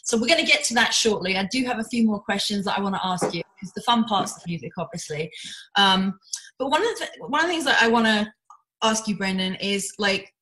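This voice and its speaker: A woman's voice: mid-range voice, animated, a little fast, pushed and bright, low-quality recording. Chatty woman interviewer on a video call. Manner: chatty, lots of fillers and restarts.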